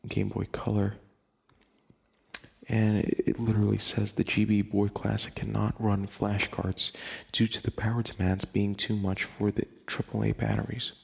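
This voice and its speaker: A man's voice: on the low side, vocal fry, a little mellow, breathy edge. A young man hosting a casual late-night podcast, rambling, laughing often and swearing casually. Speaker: podcast host.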